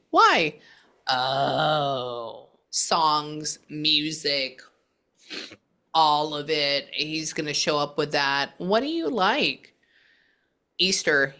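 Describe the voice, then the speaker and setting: Low, gravelly-voiced woman medium. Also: bright, forceful tone. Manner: earnest and reassuring, relaying messages aloud; halting, with frequent pauses and asides. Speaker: psychic medium. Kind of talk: spirit reading session with a client.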